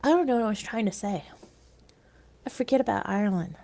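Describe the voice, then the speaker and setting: A woman's voice: medium pitch, expressive, fairly quick, vocal fry, dark tone, a little hiss or hum. A woman livestreamer chatting casually with viewers, rambling and sometimes trailing off into whispers.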